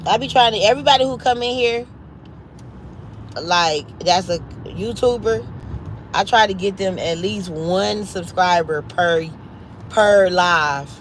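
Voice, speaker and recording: In a rough recording with slight background noise, a woman from Cleveland, Ohio, runs a casual livestream from her home. She speaks a little slowly in a mid-range voice, staying upbeat and chatty and pushing viewers to subscribe to her friends' channels.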